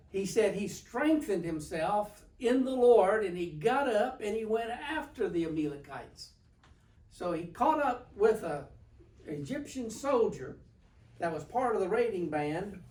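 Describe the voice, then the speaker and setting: A man leads a relaxed Bible study as pastor, spinning the story in a folksy, stop-and-start way. His voice rings around an echoey church room. He sounds set back from the microphone. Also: high-pitched. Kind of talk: informal Bible study teaching. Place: church sanctuary. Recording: echoey room, mic at a distance.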